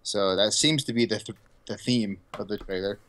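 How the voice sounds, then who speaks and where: A man's voice: fairly low pitch, normal speed, fairly bright tone, slight background noise. A man guesting on a podcast, eager to talk at length about games. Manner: eager, ready to ramble on games. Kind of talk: casual chat.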